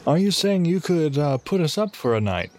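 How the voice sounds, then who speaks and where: A man's voice: fairly high pitch, big pitch swings, normal speed, darkish tone. A man playing a tabletop game, playful and a bit hesitant, with fillers. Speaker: player.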